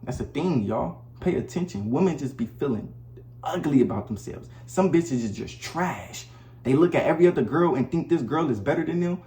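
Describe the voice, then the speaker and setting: Man with a slightly high voice, blunt and repetitive, preaching to the camera in a roomy space. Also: expressive, normal speed, mellow. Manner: blunt, preachy, slangy, repeats himself. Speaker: vlogger. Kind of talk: casual advice monologue to camera. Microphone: camera mic.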